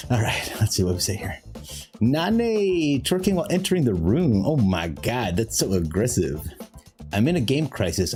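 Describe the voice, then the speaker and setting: A man chats on his live stream in a lowish voice that leaps around in pitch. He is jokey and gushes over his viewers. Faint music plays behind him. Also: darkish tone. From Canada. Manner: effusive and jokey, gushing thanks to chat. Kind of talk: casual live-stream chat.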